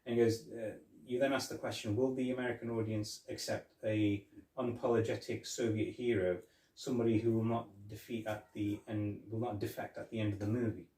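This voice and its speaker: A man's voice: fairly low pitch, steady tone, mellow, recorded from a distance. Rambling man co-hosting a film podcast. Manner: rambling, halting, many restarts and fillers. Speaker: podcast co-host. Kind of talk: casual film review chat. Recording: echoey room, voice off-mic.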